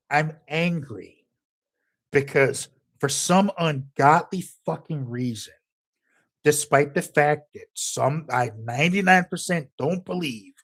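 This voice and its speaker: A man's voice: a little high, fairly bright tone. A man delivering a heated, profane political rant as a commentator, emphatic and angry throughout.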